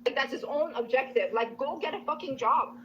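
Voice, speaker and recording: A woman's voice: high-pitched, a little fast. A woman in a played clip, venting to her audience in a frustrated, swearing rant. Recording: dull clip audio with faint noise.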